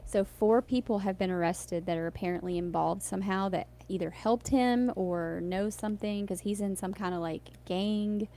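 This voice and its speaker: A woman's voice: mid-range voice, fairly even intonation, moderate pace, hardly any pauses, dark tone. A woman co-hosting a podcast, casually recounting a crime case between frequent laughs. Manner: chatty, laughs often, loses her thread. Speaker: podcast co-host. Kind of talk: casual chat, telling a crime story.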